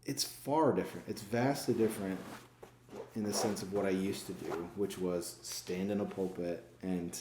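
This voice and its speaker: A man's voice: low voice, steady tone, normal speed, background noise. A man, a sales manager and former pastor, talking reflectively in a casual interview, asking himself rhetorical questions and answering them. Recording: echoey room.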